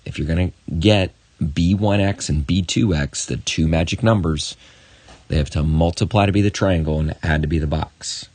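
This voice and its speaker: A man teaching a math lesson on video, encouraging and talking straight to the student with quick asides. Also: low voice, a little mellow, no echo.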